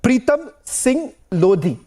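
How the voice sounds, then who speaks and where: A man's voice: very high voice, very animated, slow, warm tone. A man with an Indian English accent moderating a heated TV debate, interrupting guests and repeating himself to take control. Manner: interrupting, repeating commands to hold on. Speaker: news debate anchor.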